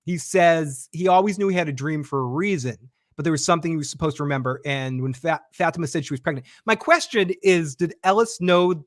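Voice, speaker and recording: A man with a somewhat high voice recaps a TV episode in easy, chatty talk, full of fillers and restarts. He breaks into short acted-out quotes from the characters. The sound is dry and close to the mic. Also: brisk, hardly any pauses, no echo. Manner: animated, acts out quotes, frequent fillers. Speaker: podcast co-host recapping a TV episode. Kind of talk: casual recap chat.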